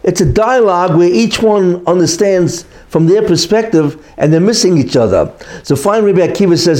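A man's voice: sits high, expressive, moderate pace, few pauses, a little mellow. A middle-aged man teaching a Torah lesson, emphatic and repetitive, posing rhetorical questions and then answering them. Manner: repeats key points for emphasis. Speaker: religious teacher.

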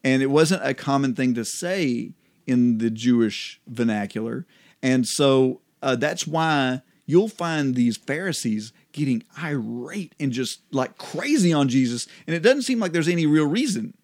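A man co-hosting a casual Bible study chat, relaxed and laughing often as he explains. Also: mid-range voice, measured pace. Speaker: co-host.

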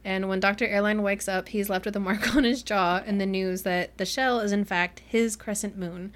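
A young woman co-hosting a podcast, casually recapping a novel with friends, giggly and animated, acting out the characters' lines. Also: mid-range voice, normal speed. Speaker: podcast co-host. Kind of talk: casual book-club chat, recapping a novel.

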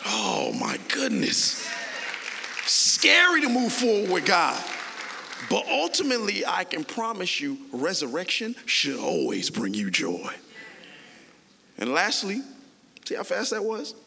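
A male pastor preaching a sermon in a playful, conversational, animated manner. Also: high-pitched, unhurried, gravelly, long pauses, long reverb tail, a crowd in the background, background noise.

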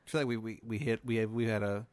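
A man's voice: lowish voice, steady tone, darkish tone, dry recording. Man asking baffled questions, dry sound. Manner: incredulous, quick questions. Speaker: podcast guest. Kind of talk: casual comedic banter.

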